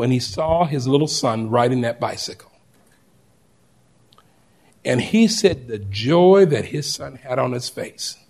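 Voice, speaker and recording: Preacher, male, slightly high husky voice, dramatic storyteller who acts out every voice. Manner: acts out quoted voices, swings from loud to hushed. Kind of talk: sermon with storytelling.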